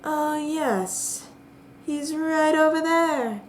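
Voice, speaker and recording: A woman voicing a sweetly welcoming female jail clerk in a high, sing-song way. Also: big pitch swings, normal speed, a little hiss or hum. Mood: helpful.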